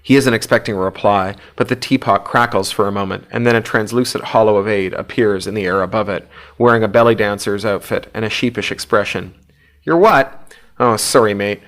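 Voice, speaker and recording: A man narrating an audiobook in a steady, low-key storytelling voice. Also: a little fast, few pauses. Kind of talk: scripted narration.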